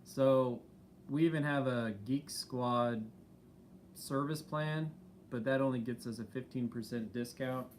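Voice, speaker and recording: A man's voice: medium pitch, a little slow, a little hiss or hum. A man co-hosting a casual live stream, talking in an easygoing, rambling way with many fillers. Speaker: channel co-host.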